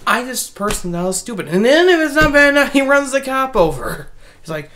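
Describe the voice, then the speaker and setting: A woman giving a casual spoken movie review, rambling and animated, with many restarts. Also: medium pitch, normal speed.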